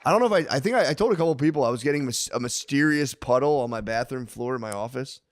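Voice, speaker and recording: A man in his thirties co-hosting a podcast, talking in a loose, profane, joking way at a middle pitch. His voice is close and dry, with no room sound. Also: animated, quick pace, no echo. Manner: loose, profane, laughing banter. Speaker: podcast co-host. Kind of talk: casual podcast chat.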